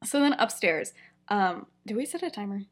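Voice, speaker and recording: Husky, animated young woman storyteller. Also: mid-range voice, normal speed. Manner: animated storytelling, many fillers, frequent laughs. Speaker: podcast co-host. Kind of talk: casual chat, retelling a story.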